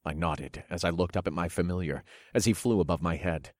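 A man narrating a first-person fantasy story in a steady, low-key manner. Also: brisk, hardly any pauses, no echo, clean studio sound.

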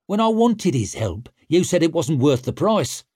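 A brash young warrior king swaggers through his lines, loud and boastful, pitched high with a cocky edge, as a man reads him aloud. The storybook recording is close and dry. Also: sing-song, moderate pace, slightly rough, no room sound. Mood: mocking.

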